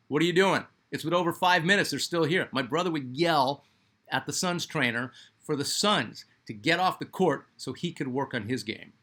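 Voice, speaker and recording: Speaking with a medium pitch and a slightly bright tone, this sports channel host from Phoenix, Arizona, US meanders through a personal anecdote. The middle-aged man talks conversationally, leaning heavily on filler words.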